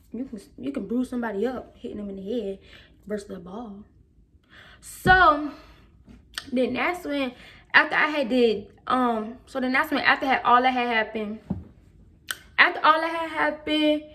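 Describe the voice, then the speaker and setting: A teenage girl, animatedly retelling a school story in a casual storytime vlog. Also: a little high. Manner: animated retelling with quoted voices. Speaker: vlogger.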